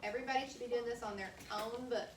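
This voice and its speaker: Woman teacher, high voice, deliberate phonics drill, taped from across a noisy classroom. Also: steady tone. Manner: slow, deliberate sounding out of words. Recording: roomy classroom audio from a distance with noise.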